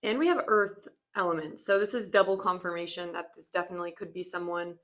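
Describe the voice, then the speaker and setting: A woman's voice: fairly low pitch, steady tone, fast. Rambling young woman giving a tarot reading. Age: 20s. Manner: rambling, reflective, many fillers and hedges. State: slightly out of breath. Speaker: tarot reader. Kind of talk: casual spoken tarot reading.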